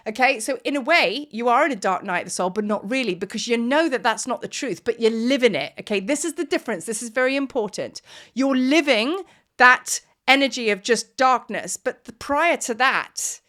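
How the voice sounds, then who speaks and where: A woman, giving a casual, animated spiritual energy talk as a teacher, laughing now and then. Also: on the high side, fairly quick. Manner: chatty, animated, often asks "do you know what I mean".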